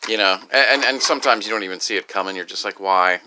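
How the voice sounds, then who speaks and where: A grieving, upset man talking in a rambling personal vlog, halting and profane, with many restarts. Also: fairly low pitch, pushed and bright, slight background noise. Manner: halting, profane, full of restarts and "you know". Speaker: video creator.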